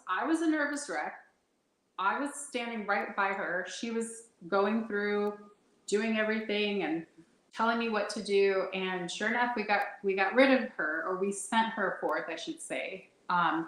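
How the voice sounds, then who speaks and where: A woman's voice: medium pitch, a bit bright, reverberant, poor audio. A woman telling a personal paranormal story as a guest, laughing often and acting out the lines of the people in it. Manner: laughs often while talking, acts out her own and others' quoted lines. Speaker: guest sharing a paranormal experience.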